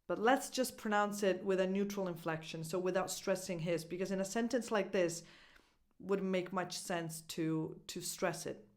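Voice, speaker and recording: A woman, a native Italian speaker, teaching English pronunciation and carefully demonstrating phrases for listeners to repeat. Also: fairly low pitch. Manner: clear, deliberate demonstrations with repeat-after-me drills. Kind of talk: pronunciation lesson.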